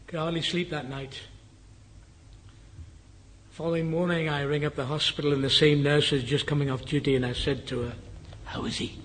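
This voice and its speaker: An older Englishman preaching a sermon, telling a personal story in an earnest way and dropping to a hush at times. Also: fairly high pitch, little pitch movement, normal speed, long pauses, slight background noise. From England. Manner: earnest, drops to a hushed whisper for the dying man's words. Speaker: guest preacher.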